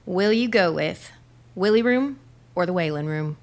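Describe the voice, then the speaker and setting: A teasing young best friend. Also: female voice, fairly low pitch, lively intonation, normal speed, a little mellow. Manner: teasing, playful.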